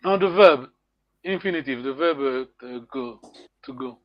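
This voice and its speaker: High-voiced man teaching a class. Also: moderate pace, no room sound, dull audio. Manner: encouraging, repeats words. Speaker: language teacher. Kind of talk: online language class.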